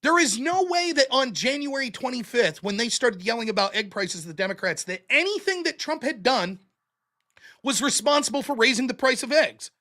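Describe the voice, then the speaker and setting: A man's voice: very high voice, sing-song, moderate pace, bright, forceful tone. A man hosting a show, delivering a blunt, profane, sarcastic political commentary rant. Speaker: show host.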